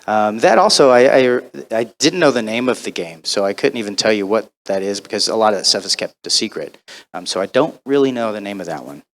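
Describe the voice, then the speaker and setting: A man answering audience questions on a convention panel, chatty and animated, acting out the voices in his stories. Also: on the low side, a little fast. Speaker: voice actor guest on a convention panel.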